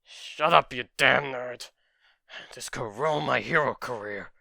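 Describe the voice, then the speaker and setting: A man's voice: medium pitch, slow, vocal fry, sharp tone, no echo, studio quality, full character voice. A man voicing an arrogant, hot-tempered teenage boy who snarls insults. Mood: angry.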